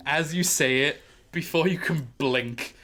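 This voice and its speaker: A man's voice: on the high side, a little slow, pushed and bright. A British man narrating as game master, laughing and rambling through descriptions.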